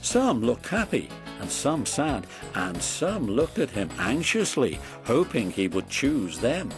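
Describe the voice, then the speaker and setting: Slow-paced male storybook narrator. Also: mid-range voice, sing-song, over music.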